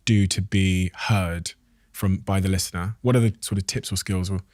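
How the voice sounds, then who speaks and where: A man's voice: low voice, steady tone, moderate pace, darkish tone, no echo, studio quality. A man hosting a podcast, asking short, curious questions. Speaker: podcast host. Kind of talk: interview conversation.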